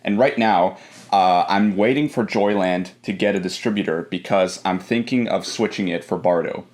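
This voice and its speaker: A man with a lowish voice speaks as a guest expert on a casual podcast. He is analytical and walks through his rankings one at a time, pausing to pick his words. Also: darkish tone. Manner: analytical, lays out rankings step by step.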